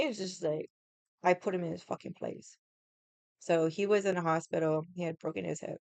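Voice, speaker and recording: A woman's voice: fairly low pitch, creaky, no room sound. A woman telling a story in casual chat, blunt and profane, rambling with lots of "like". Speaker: vlogger.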